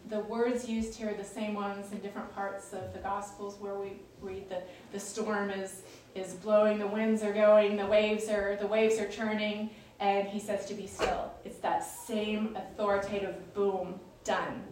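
A woman's voice: mid-range voice, flat delivery, moderate pace, hardly any pauses, darkish tone, a little hiss or hum. A woman leading a Bible study, explaining scripture in a chatty, conversational way with frequent fillers and restarts. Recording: echoey room, distant mic.

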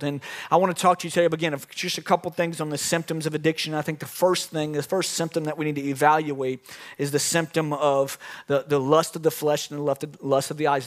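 A young man preaching a sermon, telling stories in an animated way and breaking into sudden loud outbursts. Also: fairly high pitch, brisk. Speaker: pastor.

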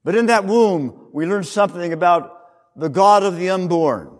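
A male pastor preaching a sermon, teaching in an explanatory way with emphatic rises and soft trailing drops. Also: high voice, lively intonation, normal speed, in a large hall.

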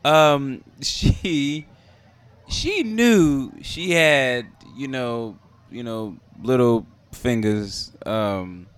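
A man's voice: mid-range voice, animated, drawn-out words, smooth. A man co-hosting a casual podcast, laid-back, often laughing and trailing off with fillers. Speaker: podcast co-host. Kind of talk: casual chat.

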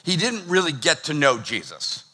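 Animated preacher man with a bright voice. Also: fairly high pitch, normal speed. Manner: animated, acts out quoted voices. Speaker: pastor. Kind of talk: sermon.

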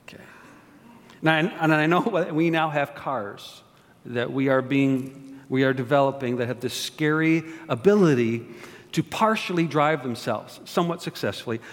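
A pastor delivers a sermon with prayer, joking and putting questions to his congregation. His voice is medium-pitched at a normal speed, and the long reverb of a large hall surrounds it.

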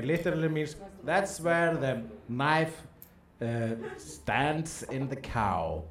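A man, co-hosting a casual comedic chat with dry, deadpan jokes. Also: mid-range voice, slow. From Iceland. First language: Icelandic. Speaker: podcast co-host. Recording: roomy echo.

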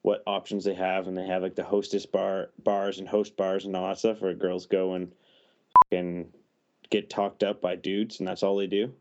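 Deep-voiced man, dull recording. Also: level tone, normal speed, dark tone. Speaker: podcast co-host. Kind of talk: casual chat.

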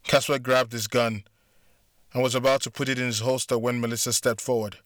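A man narrating a story in a deliberate, steady way. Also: medium pitch, no room sound, studio quality. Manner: slow, deliberate. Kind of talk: scripted narration.

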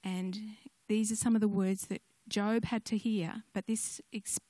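Older woman telling church stories, chatty and gentle, dry recording, no room echo. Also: medium pitch, flat delivery, a little slow. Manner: gentle storytelling, conversational asides. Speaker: speaker sharing a devotional message. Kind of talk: personal testimony sermon.

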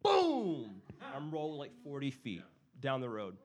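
A young man telling a personal story in casual chat, animated and full of fillers, acting out family members' voices. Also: mid-range voice, moderate pace.

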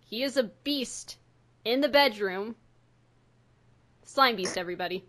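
A woman's voice: on the high side, measured pace, fairly bright tone. A woman hosting a podcast in casual chat, joking around, swearing freely and laughing often. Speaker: podcast producer and host.

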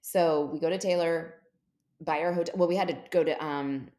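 Guest storyteller: woman, 40s, deep for her sex, chatty, does quick voices of people she quotes. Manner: animated, jumps into quoted voices. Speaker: podcast guest. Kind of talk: casual storytelling.

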